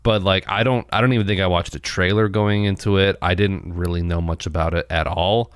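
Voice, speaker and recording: A man's voice: deep voice, steady tone, brisk, clean tone, no room sound, studio quality. A man hosting a podcast, chatting casually about movies and rambling with frequent restarts. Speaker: podcast host.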